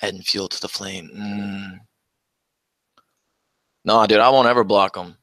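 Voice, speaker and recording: A young man with a low voice talks into a close, dry mic on his own livestream. He answers chat comments with combative, profane mockery and laughs frequently. The delivery is loose and casual, jabbing at viewers. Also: steady tone, measured pace, a bit bright, no echo. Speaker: livestream host.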